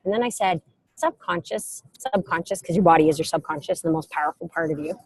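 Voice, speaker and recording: A middle-aged woman giving a casual motivational talk, telling stories with lively acted quotes, speaking from an airport. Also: low voice, very fast, slightly rough, dry recording. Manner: animated storytelling with acted quotes. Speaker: self-help speaker.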